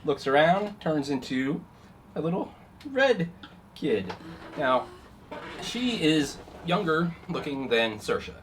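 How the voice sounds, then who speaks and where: A man's voice: on the high side, sing-song, takes it slowly, pauses often, a little hiss or hum. A man running a tabletop game as game master, narrating loosely with many fillers. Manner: rambling, many fillers, laughs at own jokes.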